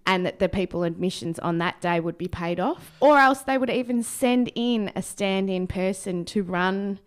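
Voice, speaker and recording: A woman's voice: medium pitch, moderate pace, smooth. A young woman co-hosting breakfast radio, chatting casually as she explains a news story.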